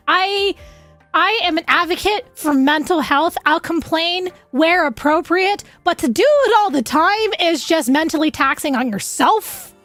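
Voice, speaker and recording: A woman's voice: high voice, a bit bright. A young adult woman streaming, chatting casually in a rambling, frank way and laughing often at her own jokes. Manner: rambling, giggly, frank, swears freely.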